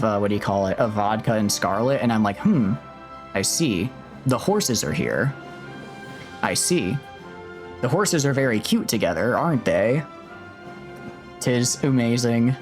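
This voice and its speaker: Rambling male streamer, faint music behind. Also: medium pitch. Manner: rambling, talks to chat, restarts and fillers. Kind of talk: casual live-stream chat while gaming.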